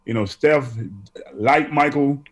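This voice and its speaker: A man's voice: fairly high pitch, takes it slowly. A man who once played basketball, reflecting in an interview clip and restarting often.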